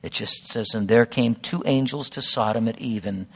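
A man's voice: medium pitch, normal speed, gravelly, slightly rough, long reverb tail. A man preaching a sermon as pastor, emphatic and conversational, often calling the congregation guys. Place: church sanctuary.

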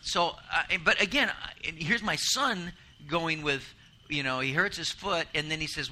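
A middle-aged man preaching a sermon as a pastor, telling a family story with self-deprecating humor, rising for emphasis and dropping quiet for asides. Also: fairly high pitch, expressive, a little slow.

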